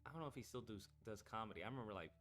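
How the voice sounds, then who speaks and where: A man's voice: on the low side, animated, rapid-fire, fairly bright tone, faint music behind. A man hosting a casual live stream, rambling and swearing as he talks to his chat. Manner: rambling and profane, talking to chat. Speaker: streamer host.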